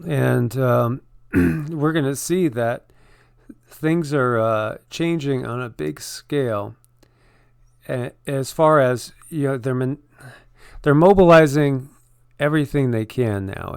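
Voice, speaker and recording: A man's voice: medium pitch, gravelly, clean tone, dry recording, studio quality. A man co-hosting an online channel, giving casual, rambling commentary on news figures and filling his talk with "you know" and restarts.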